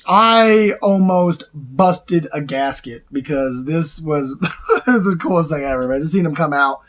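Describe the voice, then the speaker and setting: A man hosting a casual chat, excitable and rambling, laughing often and restarting his sentences. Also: on the high side, unhurried. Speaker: show host.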